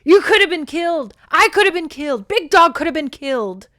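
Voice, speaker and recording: A woman voicing a big, rough, hot-headed man full of self-pity as she retells a romance novel. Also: lowish voice, level tone, measured pace, no room sound, studio quality. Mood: furious.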